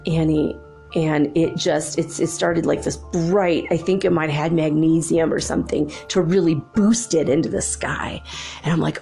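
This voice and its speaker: A woman's voice: low-pitched, normal speed, creaky, faint music behind. A woman hosting her own spiritual channel, chatting casually and telling a childhood story with frequent laughter. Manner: chatty, laughs often, lively retelling.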